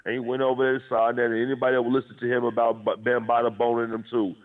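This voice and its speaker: A man's voice: medium pitch, flat delivery, rapid-fire. A man talking in a heated, profane, blunt way as a guest on a call-in chat show. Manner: profane, blunt, says he is aggressive and abrasive. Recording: tinny phone-like call line.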